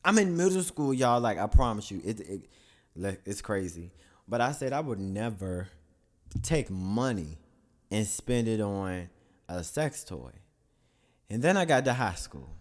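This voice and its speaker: A man's voice: fairly low pitch, very animated, a little slow, darkish tone. A man telling a crude, candid confessional story to his listeners, rambling through self-corrections and laughing at himself.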